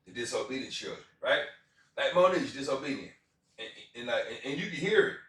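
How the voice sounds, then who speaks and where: A man's voice: mid-range voice, lively intonation, fast, a bit bright. Rambling man preaching in an echoey room. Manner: rambling, repeats phrases, many fillers. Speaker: informal preacher. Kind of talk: casual street sermon. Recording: very echoey, from far off.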